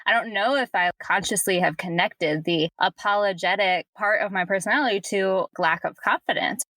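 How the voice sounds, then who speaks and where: A woman's voice: mid-range voice, normal speed, sharp tone, no echo. A woman hosting a casual podcast conversation, reacting with enthusiastic, agreeable and gushing responses. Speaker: podcast host.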